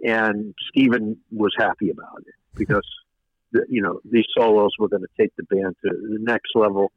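Older male producer guest, low pitch, meandering anecdotes, muffled lo-fi broadcast. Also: fairly even intonation, moderate pace, dry recording. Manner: rambling, many fillers and restarts. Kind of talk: casual interview storytelling. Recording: dull lo-fi radio sound.

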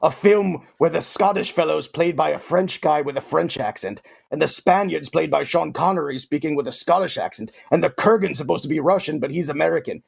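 A man's voice: on the high side, fairly quick, few pauses, exaggerated voice. A man playing a smug, grandiose alien warlord in a comic sports segment, pompous and talking about himself in the third person. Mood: grandiose, playful. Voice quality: gravelly, husky. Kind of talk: comic sports picks in character.

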